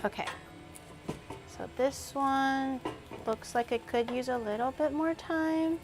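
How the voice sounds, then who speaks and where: Chatty high-voiced woman cooking on stream. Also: slow pace, music in the background. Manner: chatty, thinks aloud, snaps back at chat. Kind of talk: casual cooking livestream chat.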